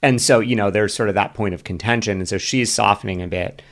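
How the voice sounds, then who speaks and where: A man's voice: on the low side, fast, fairly bright tone. A man co-hosting a relationship podcast, explaining his view of a listener's argument in a casual, thoughtful way. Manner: thoughtful, explanatory, some restarts. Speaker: podcast co-host.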